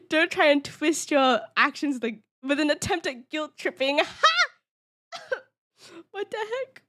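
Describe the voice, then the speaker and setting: A young woman streaming as a VTuber, chatting casually with her viewers in a giggly, excitable way, often restarting and stammering. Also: high voice, slow, long pauses. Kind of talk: casual live-stream chat.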